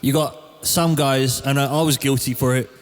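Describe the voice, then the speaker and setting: A man with an Essex accent hosting a podcast, talking in a relaxed, reflective way about drumming. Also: mid-range voice, normal speed, in a large hall. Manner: relaxed, reflective, searches for words. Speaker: podcast host. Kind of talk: casual interview chat.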